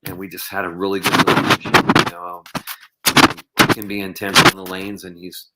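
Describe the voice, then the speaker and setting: A man's voice: low-pitched, level tone, moderate pace, heavy background noise. A man guest on a podcast interview, telling long anecdotes in an earnest, reflective way, with many "you know"s and "um"s. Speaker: podcast guest, professional bowler.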